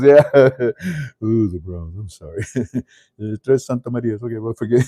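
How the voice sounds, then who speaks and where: A man's voice: mid-range voice, expressive, unhurried, long pauses, mellow, no room sound. An older man hosting a casual monologue, rambling with chuckles and many fillers and restarts. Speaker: host.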